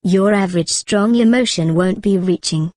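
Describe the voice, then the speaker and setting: A woman giving a scripted web novel reading, working through numbered chat posts in a steady, even manner. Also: mid-range voice, normal speed, no echo. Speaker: narrator.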